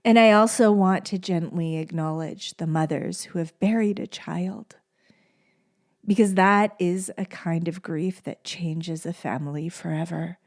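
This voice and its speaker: A woman hosting a podcast, speaking in a gentle, soft-spoken and tender way and repeating phrases for emphasis in a heartfelt solo monologue. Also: on the low side, steady tone, unhurried. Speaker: podcast host.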